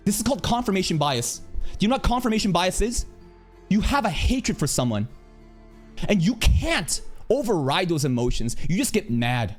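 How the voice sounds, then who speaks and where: A man streaming an angry rant, aggressive and profane, speaking in a rapid, assertive way. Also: high voice, very animated, faint music behind.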